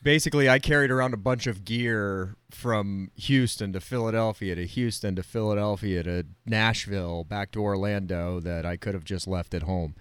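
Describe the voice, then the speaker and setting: A man's voice: fairly low pitch, a bit bright, smooth, no room sound. A man co-hosting a podcast over a video call, bantering in a dry, teasing way. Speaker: podcast co-host.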